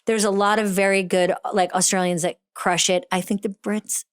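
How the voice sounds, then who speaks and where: A woman's voice: medium pitch, level tone, smooth, no room sound, clean studio sound. Chatty, laughing woman with a Boston accent. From Boston area. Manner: chatty, laughs often, quick asides. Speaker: podcast host. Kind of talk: casual interview chat.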